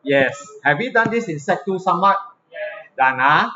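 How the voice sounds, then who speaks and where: A man's voice: high voice, expressive, moderate pace, sharp tone, slight background noise. A male physics teacher with a Singaporean English accent, giving a classroom lesson and checking his students' understanding with frequent tag questions. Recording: slightly dull lo-fi recording, faint ambience.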